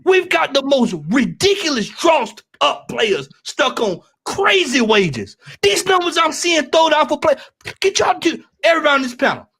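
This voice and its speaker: High, lively man ranting loudly. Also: breathy edge. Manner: ranting, repetitive, often shouting. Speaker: football podcast panelist. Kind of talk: heated fan rant on a live stream.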